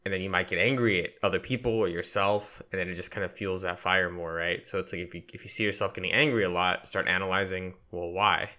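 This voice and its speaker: Male podcast co-host, deep and bright, easygoing chat. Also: fairly even intonation, fast talker, few pauses.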